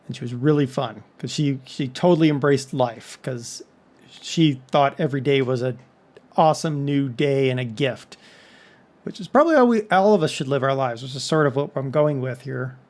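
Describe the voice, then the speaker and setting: A man's voice: medium pitch, moderate pace, darkish tone. A man from Texas talking casually to his viewers in a rambling monologue full of joking asides. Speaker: vlog host.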